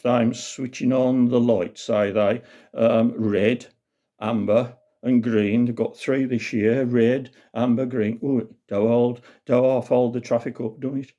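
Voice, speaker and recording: A man's voice: medium pitch, fairly even intonation, takes it slowly, mellow, highs cut off. A man with a Black Country accent telling a comic tale in a folksy, dialect-rich way. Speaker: storyteller. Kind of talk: comic storytelling.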